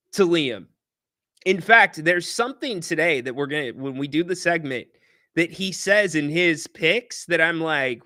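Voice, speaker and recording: A man's voice: a little high, animated, a little slow, pushed and bright, no room sound, studio quality. A man hosting a casual sports talk livestream, chatting animatedly and reading viewer comments aloud. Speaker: sports talk show host.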